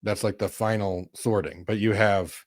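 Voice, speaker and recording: Chatty man with a lowish voice. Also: fairly even intonation, normal speed, dry recording, studio quality. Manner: chatty, laughs often, many fillers. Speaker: podcast co-host. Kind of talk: casual religious conversation.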